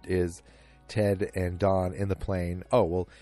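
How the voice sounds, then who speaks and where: A man's voice: low-pitched, level tone, takes it slowly, mellow, soft background music. A man hosting a solo podcast, casually retelling a TV episode scene by scene with quoted lines and plenty of ums. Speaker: podcast host recapping a TV episode.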